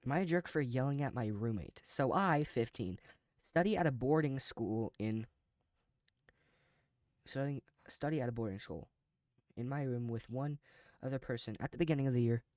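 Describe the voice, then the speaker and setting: A man's voice: medium pitch, lively intonation, normal speed, long pauses, a little mellow, dry recording. A man in a casual reaction video reads online posts aloud in a mid-range voice, then breaks off to comment and chuckle. The sound is close and dry, with no room around it.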